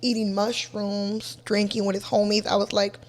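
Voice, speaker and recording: A woman, a guest telling lively stories, swearing freely and switching between English and Spanish. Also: medium pitch, moderate pace, slight background noise. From East Los Angeles. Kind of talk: casual chat.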